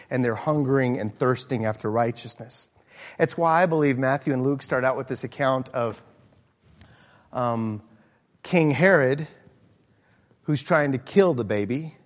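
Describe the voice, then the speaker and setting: A middle-aged pastor preaching an earnest sermon, often pausing with fillers and restarts. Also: male voice, mid-range voice. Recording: hall reverb.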